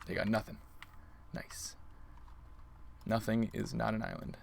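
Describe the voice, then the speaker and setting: Gravelly-voiced man streaming a card game. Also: lowish voice, level tone, unhurried, a little hiss or hum. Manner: playful, talks to opponent and chat. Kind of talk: live game commentary.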